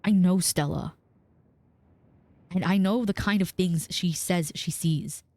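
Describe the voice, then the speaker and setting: A woman's voice: fairly low pitch, slow, warm tone, no room sound. A woman reading the lines of a curt, dismissive young woman cousin from a story game, clipped and skeptical. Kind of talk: reading game dialogue aloud.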